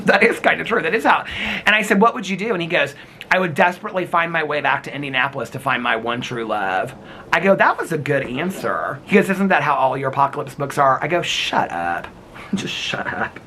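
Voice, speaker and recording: A man's voice: on the high side, a little fast, bright, forceful tone, a little hiss or hum. A man vlogging in a casual, chatty way, reading viewer comments aloud and teasing commenters by name, calling them honey and sweetheart. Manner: gossipy, calls people honey and sweetheart.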